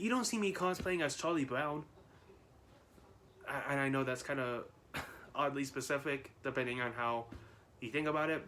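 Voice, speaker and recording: A man's voice: mid-range voice, fairly bright tone, slight background noise. A man vlogging in casual chat, rambling with frequent laughs, restarts and fillers.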